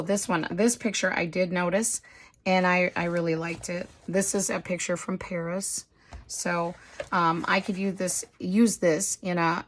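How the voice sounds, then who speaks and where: Hoarse woman, chatty craft vlogger. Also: fairly low pitch. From United States. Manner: rambling, apologetic, self-deprecating with light laughs. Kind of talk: casual chatty show-and-tell.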